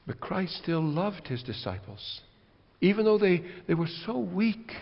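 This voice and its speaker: A man preaching a sermon, swinging between loud rhetorical questions and quiet, earnest passages. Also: sits high, very animated, measured pace, creaky. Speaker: pastor. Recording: dull lo-fi recording with long hall reverb.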